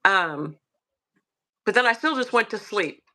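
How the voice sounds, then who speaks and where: A woman with a Southern accent tells her eerie tale in a casual, halting way, often dropping to a hush. Her voice is bright and forward, sitting at an ordinary middle pitch. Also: lively intonation. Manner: hushed, halting, many fillers. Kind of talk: casual storytelling.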